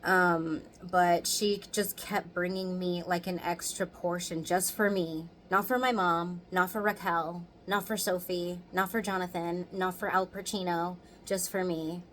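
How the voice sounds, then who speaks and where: A woman's voice: fairly low pitch, little pitch movement, unhurried, few pauses, fairly bright tone, slight background noise, rough recording. A woman in her thirties telling candid stories to camera in casual chat. She swears freely and laughs often. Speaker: vlogger.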